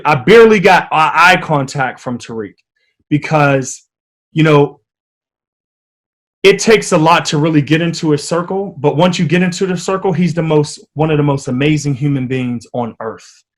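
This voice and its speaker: A man from the United States, a podcast guest telling stories in a lively, animated way during a casual interview. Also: on the high side. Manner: animated, vivid storyteller.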